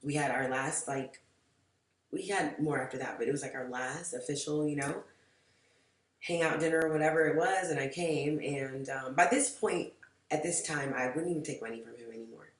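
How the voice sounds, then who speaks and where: A woman's voice: low-pitched, moderate pace. A woman telling a storytime vlog in a frank, rambling way, swearing freely and saying "like" a lot. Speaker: vlogger. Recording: roomy echo, mic far off.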